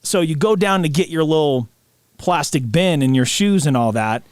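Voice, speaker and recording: A man's voice: on the high side, moderate pace, clear, resonant tone, dry recording, clean studio sound. A man co-hosting a podcast, telling a long funny story with laughs in between. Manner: animated anecdote teller, laughs mid-sentence. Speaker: podcast co-host. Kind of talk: casual storytelling chat.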